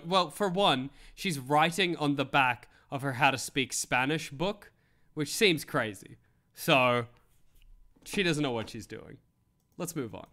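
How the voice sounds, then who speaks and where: Lively, bright-voiced male streamer. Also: a little high. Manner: wry, rambling, reacts to chat and pictures. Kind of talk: casual live-stream commentary.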